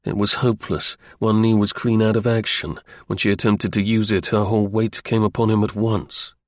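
A man reads a novel aloud with a measured, unhurried delivery. His voice sits low. The sound is dry and close, with no room around it. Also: flat delivery, a little mellow, no echo. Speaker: narrator. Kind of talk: scripted audiobook narration.

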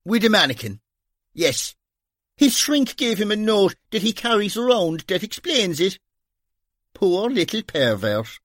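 A man's voice: high-pitched, big pitch swings, unhurried, a bit bright, dry recording, pitched above the performer's own voice, heavily acted. A man with an Irish accent voicing a wry, teasing Dublin police officer who talks in dry, sardonic banter.

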